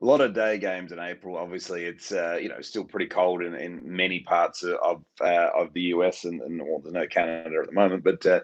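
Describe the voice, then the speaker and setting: An Australian man co-hosting a casual baseball talk show, relaxed and halting. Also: low voice, highs cut off. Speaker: co-host. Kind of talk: casual sports chat.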